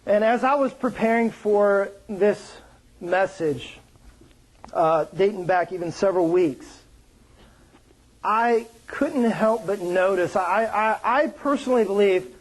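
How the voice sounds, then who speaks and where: A male pastor preaching a sermon, with joking, animated storytelling and playful put-on voices. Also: high voice, low-quality recording.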